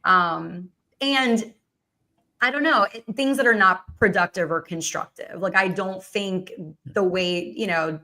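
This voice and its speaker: Woman host, bright tone, casual political chat, chatty with many fillers. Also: medium pitch, measured pace.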